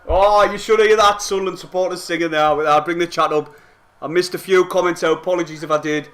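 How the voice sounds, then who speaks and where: Young lad with a high voice, streaming live football reactions and swinging between yells and quiet chat-reading. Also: male voice, fairly quick. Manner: excitable, shouting and swearing at goals, then quietly reading chat.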